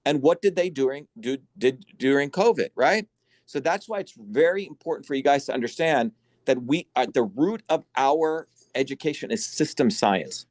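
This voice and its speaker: A man hosting an online symposium, lecturing forcefully and bluntly over a video call, swearing for emphasis. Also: mid-range voice, lively intonation, normal speed, dry recording. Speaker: symposium host and educator.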